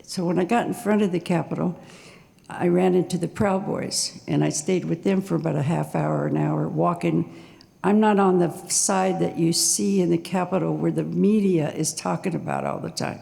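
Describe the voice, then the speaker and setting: A woman in her sixties telling her own story on stage at a live storytelling night, nervous and halting, with small laughs. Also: fairly low pitch, fairly even intonation, vocal fry, dark tone, big-room sound.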